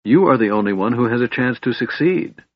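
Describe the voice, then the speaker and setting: A man voicing a wise older cleric who speaks gently but firmly, in a fatherly way, read from an audiobook. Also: medium pitch, lively intonation, fairly quick, no echo, voice pushed up, lightly acted. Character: wise older male cleric, calm and firm. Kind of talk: audiobook reading. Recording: dull dry recording.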